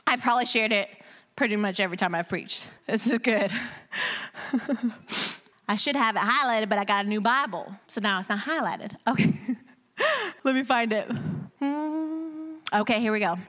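A woman's voice: on the high side, fairly bright tone. A woman preaching a sermon, reading scripture aloud with casual asides, laughing and calling on the congregation to respond.

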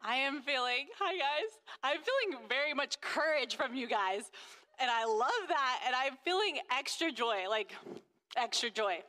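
High-voiced woman gushing through a faith story, lots of fillers, long hall reverb. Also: lively intonation, unhurried, pushed and bright. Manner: gushing, full of fillers and restarts. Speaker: mother sharing a testimony. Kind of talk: casual faith testimony.

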